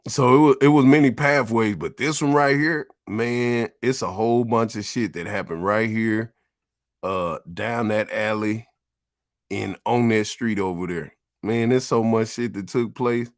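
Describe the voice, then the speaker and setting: A man's voice: fairly low pitch, a little slow, no room sound, clean studio sound. A middle-aged man casually reminiscing as he tours his old neighborhood, talking in profane, laid-back street slang. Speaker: vlogger.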